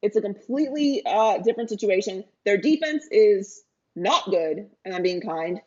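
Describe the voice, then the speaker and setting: A woman co-hosting a sports podcast, talking in a lively, opinionated way. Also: mid-range voice, moderate pace, muffled recording. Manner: animated, opinionated. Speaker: podcast co-host. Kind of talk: casual sports talk.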